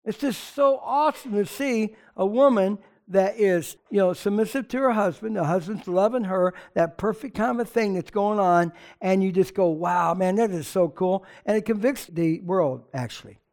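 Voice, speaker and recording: Animated conversational male preacher. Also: high-pitched, moderate pace, few pauses. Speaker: pastor. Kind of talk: sermon.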